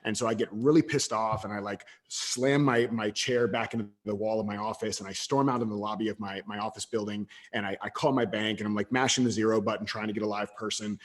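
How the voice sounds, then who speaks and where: Man in his thirties, podcast guest, animated storyteller, stammered restarts, sudden louder bursts. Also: on the low side, fast talker, few pauses. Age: 30s. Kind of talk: casual storytelling interview.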